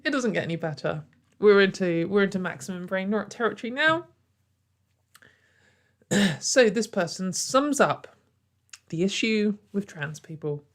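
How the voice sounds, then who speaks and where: A woman's voice: mid-range voice, lively intonation, measured pace, long pauses. A woman giving sarcastic, exasperated commentary and laughing often. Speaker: online commentator. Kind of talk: ranting commentary video.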